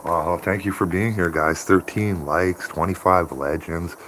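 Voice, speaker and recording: Deep voiced guy rambling on a morning live stream, laughs a lot, faint room hum behind. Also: steady tone, a little slow, fairly bright tone. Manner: rambling and chatty, laughs often. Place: home by a window.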